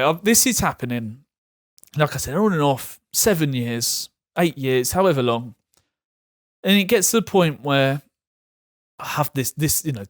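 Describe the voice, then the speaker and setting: A man talking frankly to camera about his own experience, halting and self-correcting, with light laughs. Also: a little high, dry recording, studio quality. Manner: frank, halting, laughs through hard topics. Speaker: vlogger sharing patient experience. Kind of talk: candid personal talk to camera.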